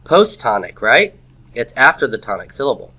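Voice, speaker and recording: A man teaching a Hebrew grammar class in a classroom, lecturing and firing quick rhetorical questions at the students. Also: mid-range voice, sing-song, pushed and bright, husky.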